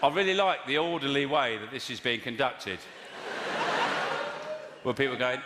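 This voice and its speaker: A man's voice: fairly high pitch, expressive, quick pace, background noise. A man from England doing stand-up and bantering with the crowd, rambling and correcting himself as he goes. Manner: rambling, self-correcting, mock-outraged. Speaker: stand-up comedian. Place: live venue with audience. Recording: echoey hall, live audience.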